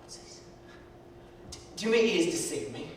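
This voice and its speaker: A man on a theatre stage playing an old blind male pencil peddler who talks in a gruff, rustic way, slow and mournful. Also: high voice, animated, a little hiss or hum. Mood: weary. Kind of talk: stage recital acting. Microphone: distant room mic. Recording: echoey hall from far off.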